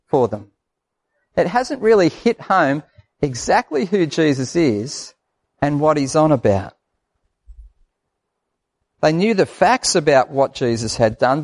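An Australian man preaching a sermon in a conversational, folksy way, repeating phrases for emphasis. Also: on the high side.

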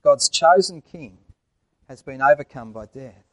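A man's voice: mid-range voice, lively intonation, measured pace, a bit bright, no room sound, low-quality recording. A man preaching a sermon in church, asking the congregation questions and telling jokes.

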